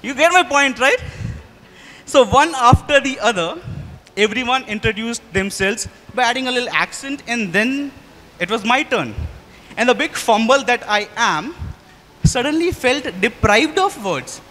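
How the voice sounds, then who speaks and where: A young male storyteller with a very high, bright voice addresses his listeners directly. He is chatty and animated, slowing down and speeding up for effect. The sound carries a long hall reverb. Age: young adult. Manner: animated, shifts pace for effect. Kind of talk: live storytelling performance.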